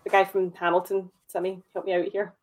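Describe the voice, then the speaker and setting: A woman's voice: lowish voice, level tone, a little fast. A woman co-hosting a casual film discussion as a reviewer, direct and opinionated. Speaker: film podcast co-host and reviewer.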